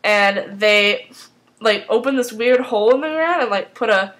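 A woman casually recapping a TV episode, rambling and excitable, filling her talk with "like". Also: a little high, normal speed, rough recording. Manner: rambling and excitable, heavy use of "like".

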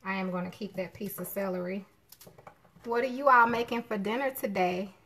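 A woman's voice: medium pitch, normal speed, fairly bright tone. A middle-aged woman, hosting a live cooking stream from her home kitchen, chatting with viewers and greeting them by name. Her voice has an unusual sound that people often remark on. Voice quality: distinctive voice others call unusual. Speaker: cooking show host.

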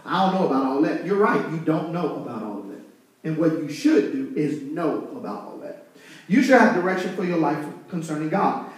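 A man's voice: on the high side, expressive, normal speed. A man preaching a fired-up sermon as pastor, talking with his congregation and asking them questions. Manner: fired-up, conversational preaching with call-and-response. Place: church sanctuary. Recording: echoey room, from far off.

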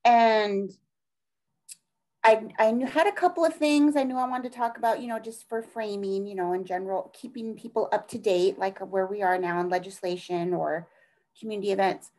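A woman's voice: medium pitch, fairly even intonation, normal speed, a little mellow, poor audio. Middle-aged woman, earnest, rambling, mid-range voice, conversational interview. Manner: rambling, earnest, trails off and restarts. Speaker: interview guest, task force advocate.

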